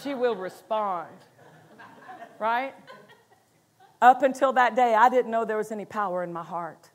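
A woman's voice: a little high, unhurried. A woman pastor preaching a sermon in a conversational way, acting out quotes and laughing between points.

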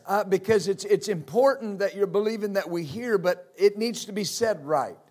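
A man pastor preaching to a congregation, with halting restarts, asking them for responses and adding frequent amens. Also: high voice, a little mellow, husky. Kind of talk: sermon. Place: church service with congregation.

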